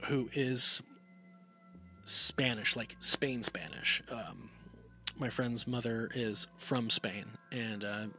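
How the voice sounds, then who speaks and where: Man, casual movie review, rambling, lots of fillers, bright tense voice, faint background music. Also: mid-range voice, slow. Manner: rambling and enthusiastic, many fillers and restarts. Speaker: film reviewer.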